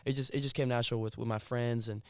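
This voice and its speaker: Teenage South African guest, Afrikaans first language, American accent; fast, chatty, lots of fillers, smooth and dry. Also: male voice, medium pitch, steady tone, no echo. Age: teens. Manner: fast, chatty, laughing often, many fillers. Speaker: guest singer. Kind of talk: casual chat.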